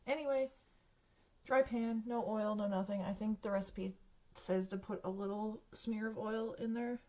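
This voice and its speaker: A woman's voice: mid-range voice, fairly even intonation, normal speed, dark tone. Chatty woman rambling through a home cooking demo. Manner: chatty, rambling, laughs often, many fillers. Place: home kitchen. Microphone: phone camera.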